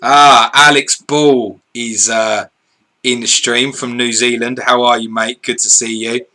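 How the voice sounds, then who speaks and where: A man's voice: mid-range voice, flat delivery, a little slow, pushed and bright. A man, co-hosting a live stream, reading viewer questions and answering in blunt, sweary, casual chat. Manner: blunt, sweary, laughs easily.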